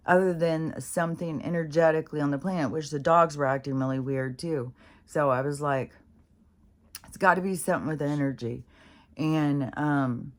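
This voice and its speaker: A woman ranting in a rambling, profane, exasperated monologue about her day. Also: sits low. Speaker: vlogger.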